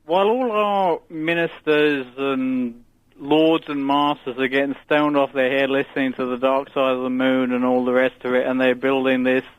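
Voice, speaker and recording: A man's voice: mid-range voice, no echo. Rambling jokey man on a phone line. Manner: rambling, jokey conspiracy musings. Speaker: caller. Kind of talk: phone-in call.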